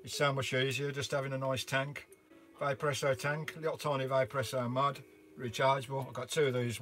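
Older man chatting on a van live stream. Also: mid-range voice. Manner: chatty, rambling, frequent "uh" fillers, calls viewers mate and sugar. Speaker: vanlife live-stream host. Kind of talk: casual live-stream chat reading viewer comments. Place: inside his camper van.

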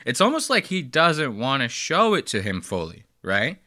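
Bright-voiced man riffing in casual commentary. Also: fairly high pitch, very animated, moderate pace, no room sound, clean studio sound. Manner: loose, profane, joking. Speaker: podcast host.

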